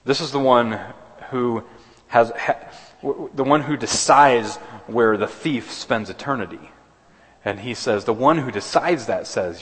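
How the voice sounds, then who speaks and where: A man's voice: medium pitch, normal speed, fairly bright tone. A man preaching a sermon as pastor, earnest, often restarting and repeating words. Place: church sanctuary. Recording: long hall reverb.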